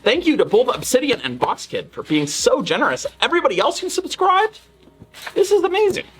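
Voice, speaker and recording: A woman's voice: sits high, very animated, brisk. A woman chatting casually on a live stream, gushing thanks to viewers and coaxing her dog.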